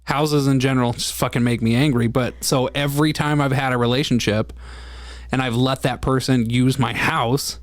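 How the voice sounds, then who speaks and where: A man's voice: medium pitch, steady tone, moderate pace, dry recording, studio quality. A man co-hosting a podcast, telling a story in a candid casual chat and swearing freely. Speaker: podcast co-host.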